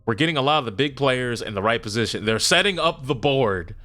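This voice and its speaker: A man's voice: medium pitch, animated, fairly quick, pushed and bright. A man co-hosting a podcast, giving emphatic, opinionated takes in casual chat and speaking to the comment section. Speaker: podcast co-host.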